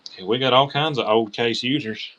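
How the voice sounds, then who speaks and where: A man with a Kentucky accent selling knives on a live-stream auction, chatty and excited, calling out bidders by name. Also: medium pitch, fairly quick, lo-fi sound, slight background noise.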